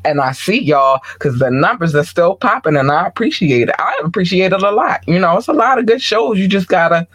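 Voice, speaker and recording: A man's voice: high-pitched, animated, brisk, few pauses, a bit bright, no echo, poor audio. Playful slangy male podcast host. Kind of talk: casual shout-outs to listeners. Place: room with several screens.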